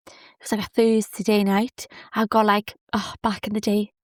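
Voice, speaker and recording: A Welsh woman hosts a solo podcast, telling a dating story in a chatty, animated, self-deprecating way with many quoted asides. Her voice is mid-range at a normal speed, recorded in studio quality with no room sound.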